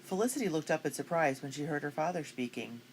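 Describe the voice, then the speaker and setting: Woman narrator, children's storybook, low voice, clear, expressive. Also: fast talker, a little hiss or hum. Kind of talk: storybook read-aloud.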